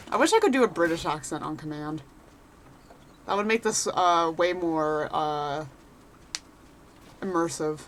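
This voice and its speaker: A woman streaming a game, chatting casually and reading character lines aloud in a rough put-on voice. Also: low voice, unhurried, long pauses, a little hiss or hum.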